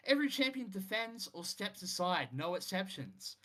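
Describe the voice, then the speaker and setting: A man's voice: high voice, sing-song, normal speed, bright, forceful tone, pitched above the performer's own voice, heavily acted. A man doing a stern veteran wrestler. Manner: stern, firm.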